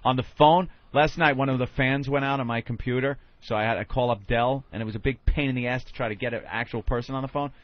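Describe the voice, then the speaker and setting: A man's voice: medium pitch, fairly even intonation, fast, few pauses, no room sound. A man hosting a radio talk show, ranting bluntly and sarcastically in casual banter. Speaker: radio host. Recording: slightly muffled radio broadcast.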